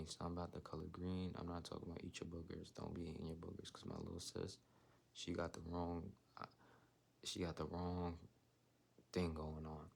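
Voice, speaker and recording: A man giving a live tarot reading to his chat in laid-back, slangy talk, sometimes dropping into soft whispered asides. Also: deep voice, level tone, normal speed, creaky, a little hiss or hum. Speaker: tarot reader.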